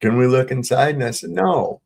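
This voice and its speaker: A man on a video-call livestream, telling stories with lots of swearing and laughter, getting loud when he retells arguments. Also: medium pitch, normal speed, vocal fry. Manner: profane, storytelling, laughs often, gets heated retelling run-ins. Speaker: panel co-host. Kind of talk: casual livestream chat.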